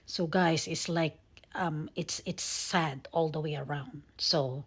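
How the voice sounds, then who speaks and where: A woman talking casually to her viewers, earnest and emotional, halting often with fillers and sometimes dropping to a soft whisper. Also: low-pitched, fairly even intonation, slightly rough. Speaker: vlogger. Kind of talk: casual talk to camera.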